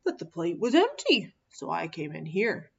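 Woman doing a soft-spoken gentle Santa Claus. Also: on the low side, huge pitch swings, normal speed, gravelly, breathy edge, muffled recording, voice pushed down, heavily acted. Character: gigantic kindly old Santa Claus, man.

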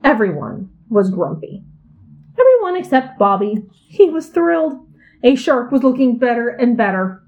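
A woman reading a children's picture book aloud, with expressive and playful emphasis. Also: fairly high pitch, normal speed, lo-fi sound. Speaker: storyteller.

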